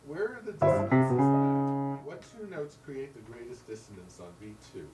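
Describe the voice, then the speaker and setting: In a room with a loud piano playing, a man teaches a lesson with a sing-song, medium-pitched voice at a moderate pace, counting beats and singing rhythms in syllables. The mic sits far off, giving the recording a roomy feel.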